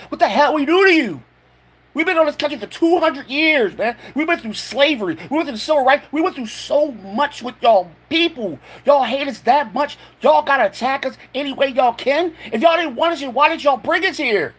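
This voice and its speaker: A man's voice: extremely high pitch, lively intonation, moderate pace, fairly bright tone. A man ranting furiously to camera in a home vlog, profane and stammering with anger. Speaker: vlogger.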